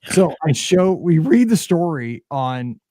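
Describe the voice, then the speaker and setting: A man hosting a podcast, chatting casually as a rambling, animated storyteller full of fillers. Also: on the high side, slow pace, no room sound, studio quality. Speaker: podcast host.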